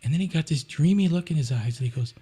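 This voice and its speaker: A man, a podcast guest, telling travel stories in a lively way, slipping into sung and acted quotes. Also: fairly high pitch, fast talker, slightly rough. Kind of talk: animated storytelling.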